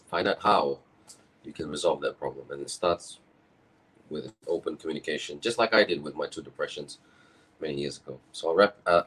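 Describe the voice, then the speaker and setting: A man from Malaysia with a croaky, tired voice, giving an earnest, rambling personal talk from home. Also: deep voice, rough recording. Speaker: event speaker. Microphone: own camera and microphone setup.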